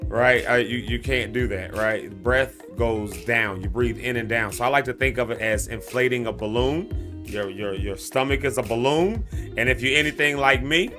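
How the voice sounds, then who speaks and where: With music playing in the background, a man with a Southern US accent hosts a live morning stream, chatting loosely with viewers he calls y'all, laughing often, and sharing breathing tips. His voice is mid-range and his pace moderate.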